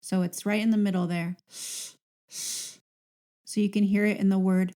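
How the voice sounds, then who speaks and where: A woman's voice: medium pitch, flat delivery, measured pace, long pauses, warm tone. A woman hosting a podcast language lesson, patiently modelling sounds and words for listeners to repeat.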